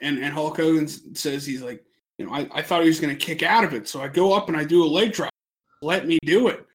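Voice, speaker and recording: A young man co-hosting a casual podcast tells a long, rambling story in a slightly high, fast voice. He swears a lot and laughs as he goes.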